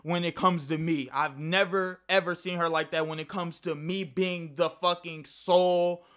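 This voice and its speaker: A man's voice: on the high side, steady tone, unhurried, fairly bright tone. A young man telling a casual personal story to camera, rambling and profane, often restarting his sentences. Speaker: vlogger.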